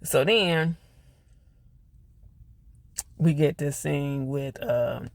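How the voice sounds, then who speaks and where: A man's voice: on the high side, drawn-out words, dry recording. A man recapping a TV episode in a chatty, slangy way, full of fillers. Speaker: TV reviewer.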